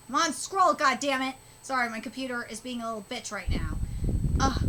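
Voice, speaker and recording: A woman in her thirties streaming a live manga reading, gushing and excitable, who swears freely as she reacts. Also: on the high side, brisk. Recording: noisy home recording.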